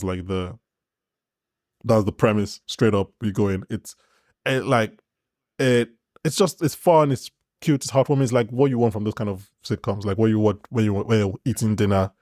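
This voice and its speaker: Recorded cleanly in a studio without echo, a man co-hosts a podcast in loose conversation, his voice fairly low and a bit mellow at a moderate speed. He tends to ramble, often starting his sentences over.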